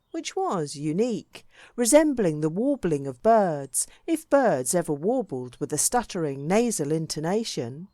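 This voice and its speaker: A woman reading a classic book aloud as an audiobook narrator, measured and expressive, with varied emphasis. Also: mid-range voice, no room sound, clean studio sound. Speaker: audiobook reader.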